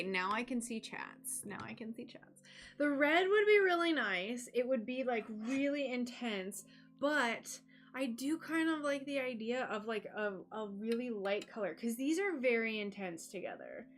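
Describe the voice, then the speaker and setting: Woman, casual stream chat, high voice, soft music behind. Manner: chatty, giggly, thinking aloud. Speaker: stained glass crafter streaming live.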